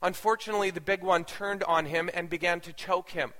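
A man's voice: high-pitched, fairly even intonation, brisk, fairly bright tone, in a large hall. A man, a pastor, telling a story in a sermon in an earnest, dramatic way.

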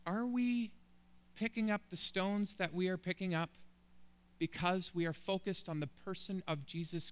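A man's voice: high-pitched, a bit bright, clear, resonant tone. A man preaching a sermon as a pastor, building emphatic, rising lists of phrases.

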